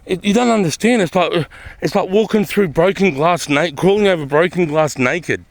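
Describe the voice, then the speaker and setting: A man's voice: high voice, moderate pace, no echo. A middle-aged man with an Australian accent, a former soldier vlogging in a blunt, swearing, emphatic way and repeating his points. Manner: profane, emphatic, repetitive. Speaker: army veteran vlogger. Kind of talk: casual vlog talk.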